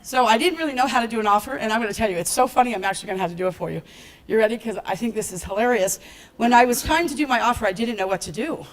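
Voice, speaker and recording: A woman giving a lively talk at a business event, laughing often and acting out what people said to her. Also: a little high, very fast, low-quality recording. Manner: animated, laughs often, acts out quotes. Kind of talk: motivational stage talk with storytelling. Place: event stage before a live audience.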